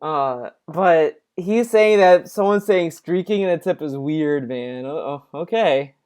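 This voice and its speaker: A man's voice: fairly high pitch, slow, a little mellow, clean tone. A man doing casual reaction commentary, rambling and sarcastic, with many restarts. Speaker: commentary streamer.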